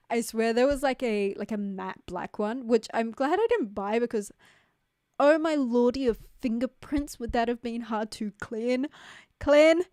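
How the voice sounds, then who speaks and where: A woman's voice: fairly high pitch, unhurried, darkish tone, dry recording, clean studio sound. Chatty New woman streaming. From New Zealand. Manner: chatty, rambling, peppered with "like" and casual swearing. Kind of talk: casual livestream chat with viewers. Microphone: studio mic.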